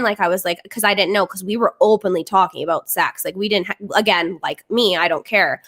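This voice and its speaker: A young woman chatting casually on a podcast, full of "like" fillers and quick to laugh. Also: medium pitch, fairly even intonation, fairly bright tone. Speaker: podcast guest. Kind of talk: casual chat.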